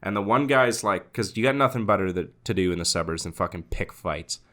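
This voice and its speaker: A man's voice: low voice, animated, a little fast, a bit bright. A man co-hosting a podcast, telling stories in casual chat, cursing often and laughing. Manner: profane, laughing storyteller. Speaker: podcast co-host.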